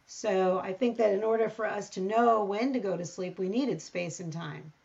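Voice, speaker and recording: A woman talking through a Bible passage in casual conversation, reading verses aloud and thinking out loud. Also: medium pitch, normal speed, vocal fry, muffled recording. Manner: thinks aloud, reads scripture, animated when surprised. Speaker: Bible study co-host. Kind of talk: casual Bible study discussion.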